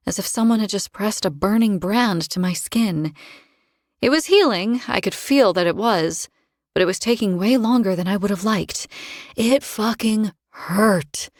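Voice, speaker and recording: A woman narrating a first-person fantasy audiobook in a wry, expressive way. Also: medium pitch, no echo, studio quality.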